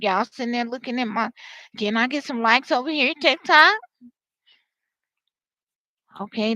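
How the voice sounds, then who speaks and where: A woman giving a live tarot reading, talking to viewers in an animated, slangy way. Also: fairly high pitch, dry recording, muffled recording. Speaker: tarot reader.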